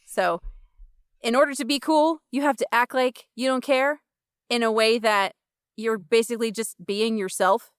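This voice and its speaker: A woman's voice: a little high, steady tone, moderate pace, clean tone, no room sound, clean studio sound. A young woman co-hosting a casual podcast, chatty and self-mocking, laughing often at her own stories. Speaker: podcast co-host.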